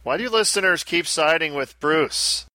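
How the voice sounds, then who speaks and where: A man's voice: a little high, lively intonation, measured pace, sharp tone, no echo. A man co-hosting a casual pinball podcast, joking and self-deprecating in loose banter. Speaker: podcast co-host.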